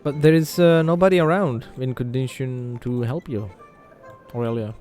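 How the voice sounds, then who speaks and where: A man narrating a tabletop game as game master, in slow, measured speech with pauses. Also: medium pitch, fairly even intonation, a little mellow, faint music behind.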